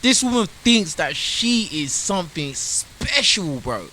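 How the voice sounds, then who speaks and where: A man's voice: sits high, big pitch swings, slow, few pauses, background noise. A man hosting a reaction video, commenting on a clip in a blunt, scornful, lecturing way. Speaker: reaction channel host.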